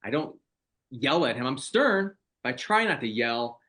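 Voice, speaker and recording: A man with a medium-pitched voice hosting a casual podcast. He is brash and excitable and swears freely, often rushing through his lines. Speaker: podcast host.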